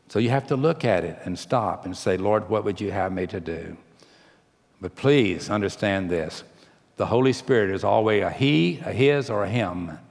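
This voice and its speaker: A preacher delivers his sermon with a gravelly edge to his voice. He surges into loud, quick, emphatic runs, then drops to slow and quiet. His words ring out with the long reverb of a church hall. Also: medium pitch. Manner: rising to emphatic, rapid bursts then slowing to quiet, drawn-out phrases.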